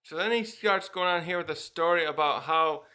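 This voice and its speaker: Here the pitch is fairly high, pushed and bright, with a clear, resonant tone. In a rambling, casual talk about a manga chapter, the man briefly performs the characters' lines in quick put-on voices.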